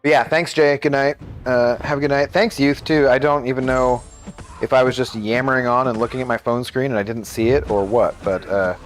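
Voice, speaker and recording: A man's voice: mid-range voice, steady tone, fairly quick, soft background music. A man in his thirties, a live streamer chatting casually and rambling as he answers viewer messages.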